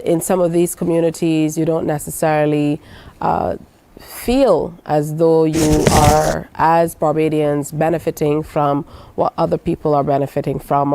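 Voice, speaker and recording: Low mellow female morning host, measured, halting with fillers. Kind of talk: TV interview.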